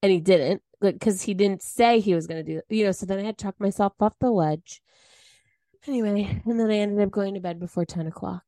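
This woman co-hosts a podcast and tells a story in casual conversation, dramatizing the quotes with large changes in her voice. Her mid-range voice runs a little fast, and the clean studio sound has no echo.

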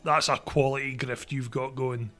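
A man's voice: medium pitch, fairly even intonation, normal speed, a bit bright, soft background music. A man playing a tabletop game, talking in a casual, crude, blokey way. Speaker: player.

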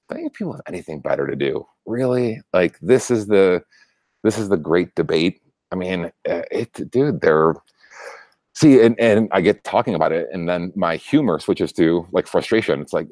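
A young man hosting a casual political chat show, talking in an animated way, laughing often, restarting his sentences and swearing freely. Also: sits low, moderate pace, no room sound. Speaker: show host.

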